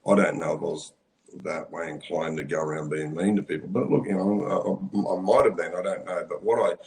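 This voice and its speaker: A middle-aged Australian man with a very deep voice talks in a loose, blunt way. He swears freely and wanders through his story in casual conversation. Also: brisk, a little mellow. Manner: blunt, profane, rambling storyteller. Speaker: former prisoner sharing his story.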